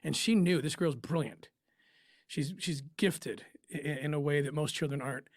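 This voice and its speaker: A man in an interview, telling a personal story in an emotional, halting way with pauses and restarts. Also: a little high, no room sound, studio quality. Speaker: interview guest, former undercover operative.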